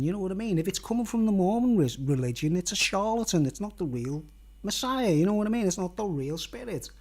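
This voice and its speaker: A middle-aged man with a slightly higher than usual voice, rambling to camera as a vlogger. He wanders from point to point, restarts his phrases and keeps checking in with the viewer. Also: darkish tone. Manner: meandering, repeats "you know what I mean", restarts phrases.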